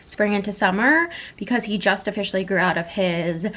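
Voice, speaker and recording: A woman's voice: mid-range voice, brisk, a bit bright. A young pregnant woman chatting casually in a home vlog, rambling with lots of fillers and slightly out of breath. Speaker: vlogger and mother.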